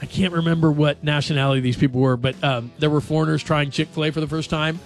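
Man, sports radio host, gravelly, slightly high voice, jokey banter, faint music bed. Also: fast. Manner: jokey, animated, reads headlines aloud. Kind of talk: casual radio chat.

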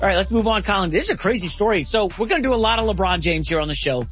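A man co-hosts a sports talk show in a chatty, animated way. His voice is high and lively in pitch. Faint music sits under a slightly dull studio sound. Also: very fast, husky.

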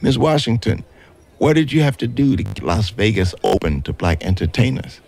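A man's voice: on the low side, very animated, moderate pace, gravelly, darkish tone, exaggerated voice. Man voicing a polite, curious reporter. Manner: polite, inquisitive. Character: curious male magazine reporter.

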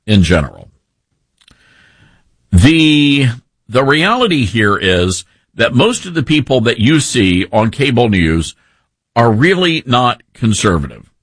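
A man hosting a talk radio show, telling stories in a conversational, animated way with frequent restarts. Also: medium pitch, husky, no echo. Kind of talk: conservative talk radio monologue.

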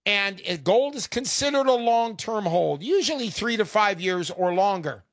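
A man's voice: high voice, lively intonation, normal speed, no echo, studio quality. A man in his fifties hosting a call-in radio show, chatty and openly emotional.

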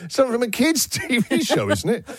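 A man's voice: very high voice, wildly swooping pitch, a little fast, fairly bright tone, breathy edge, no echo, studio quality. A man hosting a radio show, bantering playfully and laughing often. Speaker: radio host.

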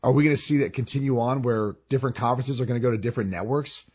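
A man's voice: mid-range voice, rapid-fire, darkish tone, breathy edge. A man co-hosting a sports talk show, thinking aloud and often repeating words as he explains. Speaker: sports radio co-host.

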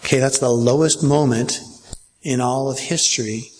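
A man's voice: medium pitch, steady tone, moderate pace, darkish tone, a little hiss or hum. A man preaching a verse-by-verse sermon as pastor, in a conversational way that keeps checking in with his listeners.

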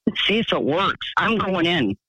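A man voicing a rambling, excitable woman calling in to a radio show. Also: sits high, moderate pace, slightly rough, dry recording, full character voice, poor audio. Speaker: caller.

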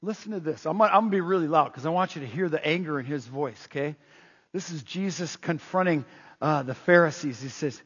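A man's voice: fairly high pitch, a little fast, husky. A male preacher giving a sermon, telling stories animatedly and often stumbling over repeated words. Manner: animated storytelling, acts out scenes, frequent stammered restarts. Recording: muffled, long hall reverb.

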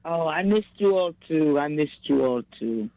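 A gravelly woman who gushes and repeats herself, drifting into preaching. The room is dry and close, with no echo. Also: deep voice, animated, unhurried, warm tone, lo-fi sound. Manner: effusive, repetitive, preachy. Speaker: singer sharing news with family. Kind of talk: casual chat.

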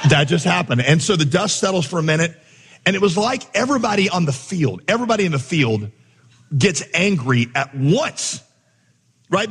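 A man preaching a sermon, telling a coaching story and acting out the voices in it with big jumps in pitch. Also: fairly bright tone, breathy edge, long reverb tail. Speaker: pastor.

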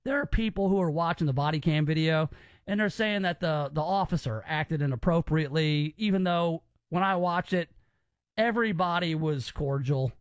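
A man's voice: on the high side, normal speed, no echo, muffled recording. A man hosting a podcast, giving opinions in casual chat and often repeating words as he restarts. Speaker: podcast host.

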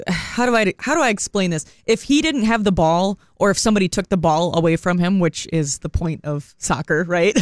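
A woman in her thirties co-hosting a morning radio show, telling a story in an animated way and laughing often. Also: on the low side, no room sound, clean studio sound. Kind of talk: casual radio chat.

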